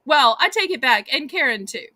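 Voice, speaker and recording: A woman's voice: sits high, expressive, moderate pace, pushed and bright, no echo. A woman with a Southern US accent hosting a live home-shopping auction, chatty and sweet, calling the viewers y'all.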